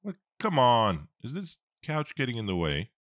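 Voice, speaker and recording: A man's voice: mid-range voice, wildly swooping pitch, moderate pace, fairly bright tone, slight background noise. A man commentating his own gameplay, reacting, joking and swearing as he fights. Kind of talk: let's-play commentary.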